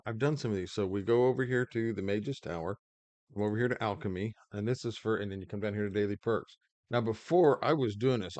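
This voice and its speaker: A man's voice: lowish voice, a little mellow, dry recording. A man hosting his own gaming channel, rambling through mobile game commentary with lots of fillers and restarts. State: hiccups.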